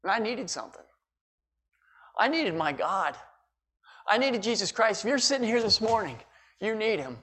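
A man preaching a sermon in church, his voice pitched fairly high for a man. He is middle-aged and talks fervently, checking in with his listeners again and again. He speaks as a pastor addressing his congregation. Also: very animated, moderate pace, pauses often, fairly bright tone. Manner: impassioned preaching with repeated "all right?" and "listen".

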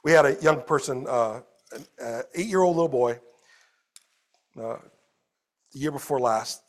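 A man preaching a sermon as a pastor at a church service, animated, moving between loud exclamations and quiet storytelling. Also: mid-range voice, moderate pace.

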